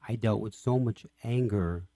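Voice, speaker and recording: A man's voice: on the low side, moderate pace, warm tone, dry recording. A man hosting an interview who asks questions with enthusiasm. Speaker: host, interviewer. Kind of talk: radio interview.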